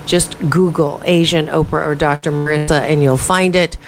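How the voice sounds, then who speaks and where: A woman's voice: deep voice, moderate pace, slight background noise, rough recording. Chatty female radio talk host. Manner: animated, self-promoting, conversational with frequent fillers. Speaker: radio talk show host and happiness coach. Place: radio studio.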